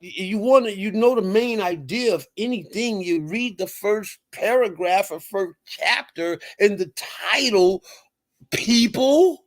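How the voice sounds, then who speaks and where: A man's voice: high-pitched, measured pace, hardly any pauses. A man hosting an online show, reading aloud and arguing heatedly, repeating "right?" and "people" as he pushes his point. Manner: emphatic, repeats "right?" and "people", rising to loud outbursts. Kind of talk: heated casual commentary reading from screen.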